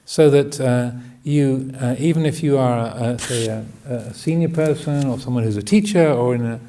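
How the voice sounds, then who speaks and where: A man giving a Buddhist dharma talk, hesitant and full of restarts, often laughing gently. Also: medium pitch, normal speed, a little hiss or hum. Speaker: Buddhist monk teaching.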